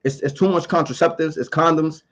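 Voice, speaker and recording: A man's voice: on the high side, steady tone, brisk, muffled recording. A man giving his opinions in a casual monologue to camera. He talks emphatically, repeats his points and asks rhetorical questions.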